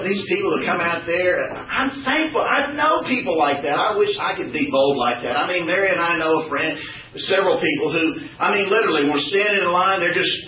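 A man's voice: sits high, slight background noise. A man teaching a Bible study, asking the group questions and joking as he goes. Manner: animated, asks the group questions, jokes. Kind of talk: informal sermon to a small group. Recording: roomy distant dull recording.

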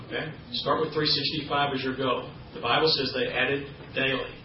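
A man's voice: mid-range voice, steady tone, moderate pace, background noise. A man preaching a sermon in a church, teaching in a conversational way with folksy asides. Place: church sanctuary. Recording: roomy, distant, dull church recording.

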